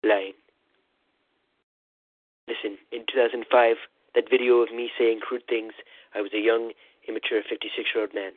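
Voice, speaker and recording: A man doing a comic impression of a rambling, boastful male president, calling in over a phone line with a husky voice. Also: medium pitch, flat delivery, normal speed, long pauses, dry recording, natural voice. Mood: blustering. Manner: rambling, repetitive "listen", boastful bluster. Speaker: comedy caller. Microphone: phone call-in. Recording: tinny phone line, dry.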